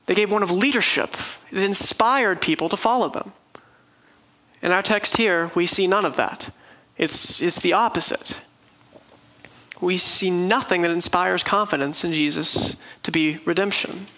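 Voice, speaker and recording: A man's voice: high-pitched, a little slow, pushed and bright, poor audio. A man preaching a sermon, telling the story earnestly and vividly.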